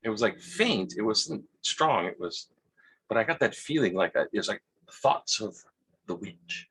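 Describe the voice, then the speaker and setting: A man with a Hawaiian accent telling a rambling personal story, halting, repeating words and acting out quotes in a husky voice. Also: lowish voice, lively intonation, a bit bright. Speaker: vlogger.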